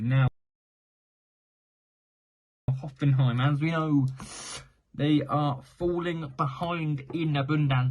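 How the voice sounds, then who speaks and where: Rambling man giving casual football predictions. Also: medium pitch. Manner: rambling, self-correcting, repeats himself. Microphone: mic for home recording.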